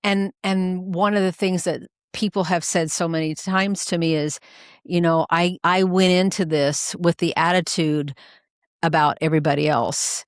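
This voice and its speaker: A woman with a fairly low voice hosts a conversational podcast. She tells anecdotes expressively and acts out the lines of other people. Her voice sounds close and dry, with no room around it. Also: moderate pace, no echo. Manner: expressive storyteller, acts out quoted dialogue. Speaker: podcast host. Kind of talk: conversational interview.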